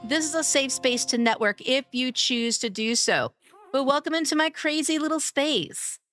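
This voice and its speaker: A woman's voice: high voice, animated, normal speed, fairly bright tone, faint music behind. A young woman streaming a game live, chatting casually and greeting viewers with cutesy baby talk.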